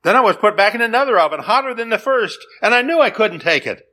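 A man's voice: high voice, animated, quick pace, pushed and bright, voice pushed up. A man voicing a suffering talking teacup in a spoken parable, with plaintive rising cries.

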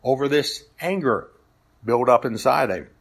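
A man's voice: medium pitch, animated, unhurried, gravelly, slightly rough. A man preaching a sermon, retelling stories and scripture in a plain, conversational way. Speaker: pastor.

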